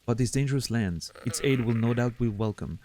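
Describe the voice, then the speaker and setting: A man's voice: mid-range voice, warm tone, a little hiss or hum, natural voice. A man putting on a grand French troupe master. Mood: grandiose. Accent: put-on French. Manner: slow, stately, theatrical reading. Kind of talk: reading game dialogue aloud.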